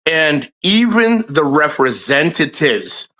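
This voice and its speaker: A man's voice: fairly high pitch, very animated, slow pace, pushed and bright. A man hosting a livestream, ranting in a rambling, profane way with lots of restarts. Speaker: livestream host. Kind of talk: casual livestream rant.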